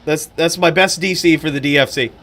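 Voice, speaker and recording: A man's voice: fairly high pitch, a little fast, fairly bright tone, slight background noise. A man hosting a live stream, chatting bluntly and profanely, then calling game fights. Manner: casual, profane, blunt opinions. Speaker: streamer and commentator.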